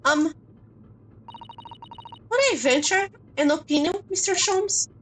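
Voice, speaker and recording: A woman's voice: high-pitched, slow pace, fairly bright tone, slight background noise. A woman voicing a polite, hesitant young female assistant in game dialogue. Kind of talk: reading game dialogue aloud.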